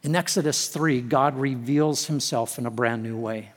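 A man's voice: mid-range voice, moderate pace. A man preaching a sermon, telling a personal story with humorous asides and building to emphatic declarations. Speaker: pastor. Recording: long hall reverb.

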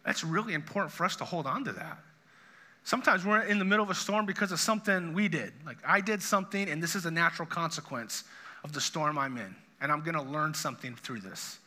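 A man preaching a sermon in a high, very bright, sharp voice. He talks earnestly, throws rhetorical questions at the congregation, and sinks low and soft for quoted words of comfort. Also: fast talker. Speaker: pastor.

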